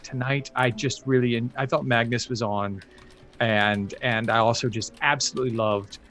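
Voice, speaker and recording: A man playing in a tabletop game stream, chatting casually with halting speech and lots of fillers. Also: medium pitch, fairly even intonation, a bit bright. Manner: halting, many fillers and restarts. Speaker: player. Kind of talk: casual chat.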